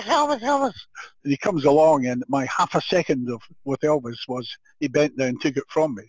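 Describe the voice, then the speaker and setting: An older man from Scotland with a Scottish accent, a podcast guest telling an animated story with frequent laughter and restarted sentences. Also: mid-range voice, slightly rough, no room sound. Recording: dull, dry lo-fi audio.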